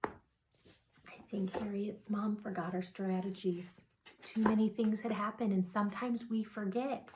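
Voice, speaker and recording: Teacher lady doing a picture book read-aloud for little kids, slow and soothing, whispers bits. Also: medium pitch, fairly even intonation, background noise. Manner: gentle, slow and soothing, with soft whispered asides.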